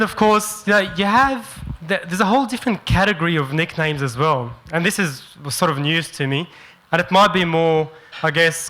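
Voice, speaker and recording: A man, doing stand-up comedy storytelling in an animated way and mimicking his relatives in quick quoted voices. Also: high voice, low-quality recording. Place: stage before a live audience.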